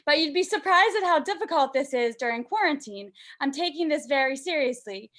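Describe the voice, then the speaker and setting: Brief: young woman from canada, high voice, stand-up set, self-deprecating, lots of ums. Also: animated, a little fast, a bit bright. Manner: self-deprecating, fillers like um, high sing-song put-on voices for baby talk. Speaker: stand-up comedian.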